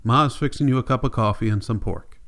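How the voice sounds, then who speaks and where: A man reading a calm practical young farmhand. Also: mid-range voice, a little fast, lightly acted.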